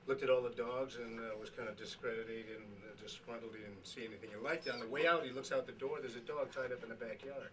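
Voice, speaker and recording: A man, a radio show regular, telling a long joke with a rambling, halting delivery. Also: mid-range voice, fairly even intonation, far from the mic, a little hiss or hum. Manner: rambling with frequent uh fillers. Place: radio studio.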